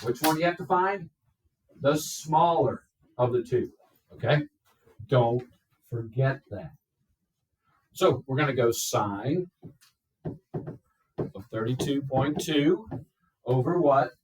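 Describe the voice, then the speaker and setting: A man's voice: medium pitch, animated, darkish tone, a little hiss or hum. Male teacher, classroom lecture, step-by-step, roomy echo, far from the mic. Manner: slow, step-by-step, checks in with "okay?". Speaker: math teacher.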